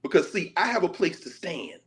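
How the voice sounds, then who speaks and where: A man from Nashville, a professor talking in lively conversational commentary, telling stories with quoted dialogue and casual vernacular. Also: high voice, a little fast. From Nashville, Tennessee. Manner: animated storytelling, slipping into quoted dialogue and casual Black vernacular.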